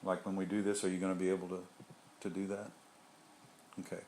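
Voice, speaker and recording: Man, lowish voice, rambling spiritual group talk, conversational, loose asides. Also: monotone, brisk, a little mellow, slight background noise. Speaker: group leader.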